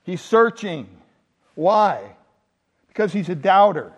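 A male pastor giving a Sunday sermon, animated and humorous, asking the congregation rhetorical questions. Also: sits high, unhurried.

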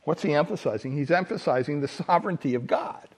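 A man's voice: on the high side, fast talker, slightly rough. A man preaching a sermon as pastor, telling stories and building to emphatic peaks. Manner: animated storytelling, rising to emphatic peaks.

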